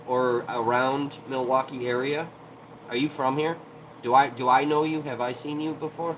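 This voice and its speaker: A man's voice: mid-range voice, fairly even intonation, normal speed, fairly bright tone, slight background noise, rough recording. A man hosting a livestream from home, ranting heatedly and profanely in an irritated tone. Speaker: livestream host.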